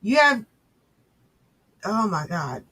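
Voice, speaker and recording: Brief: a mocking man with a bright, high voice and slow delivery, riffing sarcastically on clips. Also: big pitch swings, breathy edge. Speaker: host. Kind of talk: profane reaction commentary.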